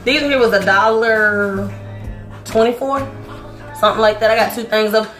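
A sassy woman talks through a grocery haul in an echoey kitchen, her voice sitting a little high. She teases and scolds her kids while listing prices. Music plays underneath throughout. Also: normal speed, fairly bright tone. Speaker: family vlogger. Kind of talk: casual grocery haul vlog. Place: home kitchen with children around.

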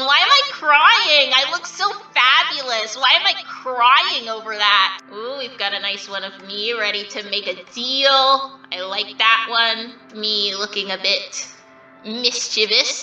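A woman's voice: a little high, pushed and bright, reverberant, distant mic, rough recording. A woman voicing a vain, mischievous male triangle dream demon who reacts to fan art in a smug, theatrical, mock-offended way.

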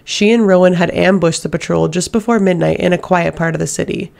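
A woman narrating a fantasy novel as an audiobook reader, in a steady, even reading voice. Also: on the low side, a little fast, gravelly.

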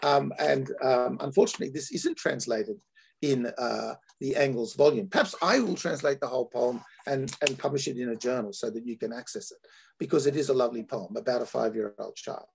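A man with an Australian accent giving an academic lecture, halting with frequent fillers and restarts. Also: medium pitch, gravelly, slight background noise.

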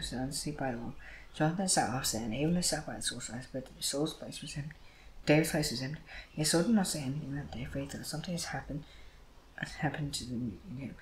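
A man reading scripture aloud, moving quickly and often stumbling over words and starting lines again. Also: medium pitch, slight background noise, poor audio. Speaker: Bible reader.

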